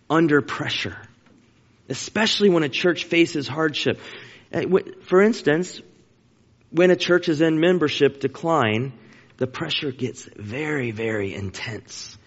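A male pastor preaching a sermon to his congregation, earnest and emphatic, repeating his key phrases. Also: fairly high pitch. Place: church sanctuary. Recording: dull lo-fi sound in a long-reverb sanctuary.

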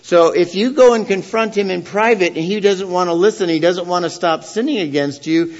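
A man giving a sermon as pastor, earnest and questioning the congregation, swelling to loud emphasis on key points. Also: high voice, normal speed, highs cut off. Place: church.

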